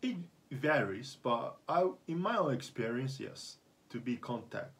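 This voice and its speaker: A man's voice: medium pitch, very animated, a little slow, a bit bright. A Christian man co-hosting a casual talk on religion, mostly giving short answers and affirmations. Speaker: Christian co-host of religion discussion. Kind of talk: casual discussion.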